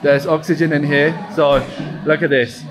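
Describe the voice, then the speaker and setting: A man's voice: fairly high pitch, level tone, moderate pace, music in the background. A man chatting enthusiastically as a travel vlogger outdoors at a mountain scenic area. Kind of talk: casual travel vlog.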